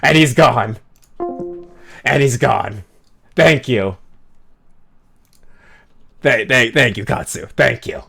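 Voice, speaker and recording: A man's voice: medium pitch, lively intonation, takes it slowly, creaky, long pauses, a bit bright, husky, faint music behind. A man streaming a game, chatting casually in a playful, teasing way and swearing now and then. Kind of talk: casual game livestream chat.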